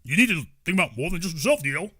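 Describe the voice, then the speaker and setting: A man's voice: fairly high pitch, very animated, very fast, sharp tone, husky. A male host ranting through political commentary in a heated, profane, mocking way.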